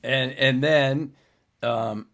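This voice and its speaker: Host: man, unhurried, mid pitch, chatty interviewer, quick to laugh. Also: fairly even intonation, fairly bright tone. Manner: laughs often, leading questions. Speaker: podcast host, former hockey player. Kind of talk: casual interview chat.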